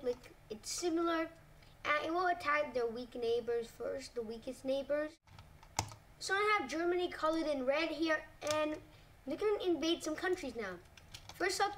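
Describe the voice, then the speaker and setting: A high-pitched woman talks through a map scenario in loose, casual narration. She hesitates a lot, fills gaps with little words and corrects herself mid-sentence. She sits well away from the mic, with a faint hiss behind her. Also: recorded from a distance. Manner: hesitant, full of "like" and self-corrections.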